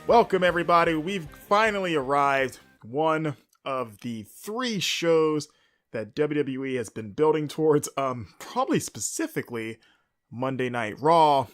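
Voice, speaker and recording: A man's voice: a little high, a bit bright. A man hosting a podcast, talking through a casual recap and rambling with frequent hesitations and fillers. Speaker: podcast host.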